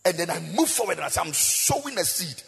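Male preacher, gravelly, wildly swinging pitch, call-and-response questions, long hall reverb. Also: very animated, fast. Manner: chanting sing-song delivery, rising to shouts; bursts of praying in tongues. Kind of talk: sermon. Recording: echoey hall with faint music.

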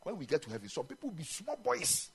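A man preaching a sermon in a chapel, animated and emphatic, mixing in local-language phrases. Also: sits high, quick pace, gravelly, slightly rough. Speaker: pastor.

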